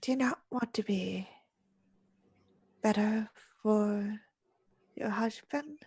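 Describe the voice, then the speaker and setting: A creepy doll-like woman with diamond teeth whispers low and slow, as a woman game master puts her on, her voice thin and gravelly from disuse. She coaxes softly, close to the mic. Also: no room sound, exaggerated voice. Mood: coaxing.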